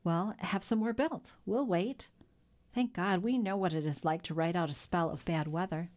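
A woman voicing a blunt, loyal old male sailor who talks in a gruff, plain-spoken way in a storybook reading. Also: lowish voice, moderate pace, darkish tone, natural voice. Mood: earnest.

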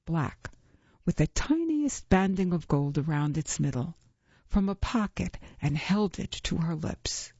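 A woman reads a story aloud, slow and measured, her voice gravelly and husky with a mellow, dark tone. The recording is dry and close but dull and lo-fi. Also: low voice, no echo. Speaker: narrator. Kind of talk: audiobook reading.

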